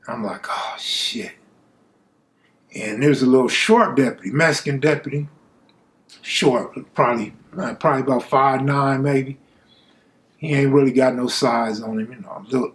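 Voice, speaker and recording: A man from Los Angeles telling a story from his own life in a casual, blunt and profane way, acting out the people he quotes. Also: mid-range voice. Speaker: live-stream storyteller. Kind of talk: casual first-person storytelling.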